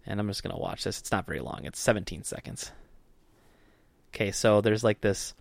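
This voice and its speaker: On a podcast he co-hosts, a man with a lowish voice and vocal fry talks fairly quickly in a rambling, casual way, full of fillers and jokes. The recording is dry.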